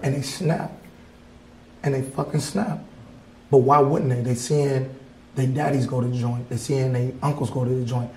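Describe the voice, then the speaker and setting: A man's voice: medium pitch, fairly even intonation, moderate pace, dark tone, roomy sound, slight background noise, poor audio. A male artist from Wisconsin talking in a casual interview in an art gallery, blunt and heated, swearing freely. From Wisconsin, USA. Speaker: artist guest.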